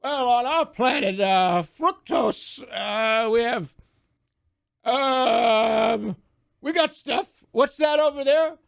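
A man voicing a clueless, excitable male alien who rambles and stammers in amazement. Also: extremely high pitch, takes it slowly, creaky, smooth, no echo, pitched above the performer's own voice, heavily acted. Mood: amazed.

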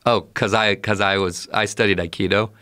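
A man, an actor, answering a question in a halting, thoughtful way. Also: fairly low pitch, fairly even intonation, bright, forceful tone, no echo, studio quality. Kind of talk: interview answer.

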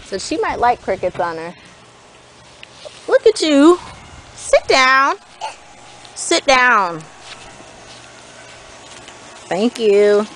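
A woman's voice: fairly high pitch, drawn-out words, long pauses, a little hiss or hum, poor audio. A young woman and mother, filming a casual family vlog outdoors and coaxing her small children in a playful way. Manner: animated, playful, coaxing talk to small kids. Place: outdoors in a grassy backyard.

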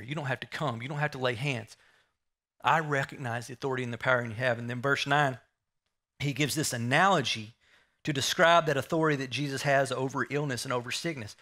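Male preacher, bright and slightly high voice, emphatic sermon delivery with hushed quotes. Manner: emphatic, drops to a hush for quoted lines. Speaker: pastor. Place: church sanctuary.

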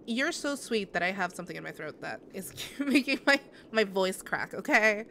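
A woman streaming a game talks casually and sympathetically to her chat, rambling with lots of restarts and fillers. Her pitch sits in an ordinary middle range. A faint noise hangs under her voice. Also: animated, a little fast, fairly bright tone. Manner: sympathetic, answers chat messages. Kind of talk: casual live-stream chat while gaming.

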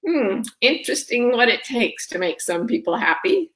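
A woman telling a story and voicing a sly male holy-fool trickster in a hushed, knowing murmur. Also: on the high side, big pitch swings, moderate pace, low-quality recording. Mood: amused.

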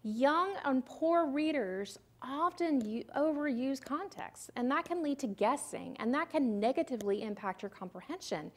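In a recorded lecture on phonics, a literacy presenter explains things step by step with teacherly patience, modeling each sound aloud as she sounds out words. She speaks in a high-pitched, lively voice at a moderate pace, hardly pausing.

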